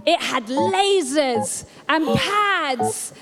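High-voiced woman narrating a kids' story. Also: lively intonation. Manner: unhurried, storytelling. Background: music.

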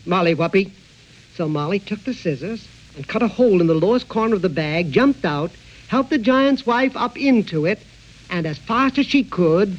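A man narrating a fairy tale in a measured, rhythmic storytelling manner. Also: high voice. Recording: dull, muffled recording with music.

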